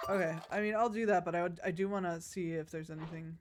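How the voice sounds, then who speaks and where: A woman's voice: on the low side, fairly even intonation, fast, slight background noise. A woman chatting casually to her stream chat while playing a video game, rambling and joking. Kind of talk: casual gaming stream commentary.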